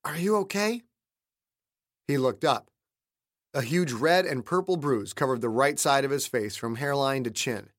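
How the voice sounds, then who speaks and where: Narrateur au son sec et proche. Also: male voice, mid-range voice, moderate pace, no echo, clean studio sound. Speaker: audiobook narrator and author. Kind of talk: scripted narration.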